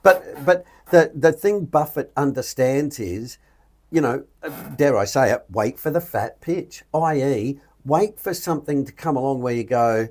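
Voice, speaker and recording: A middle-aged Australian man chatting on a podcast in a blunt, animated way, with a voice of ordinary middle pitch. He swears offhandedly and leans hard into his points. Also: measured pace. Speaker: podcast host. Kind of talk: casual podcast chat.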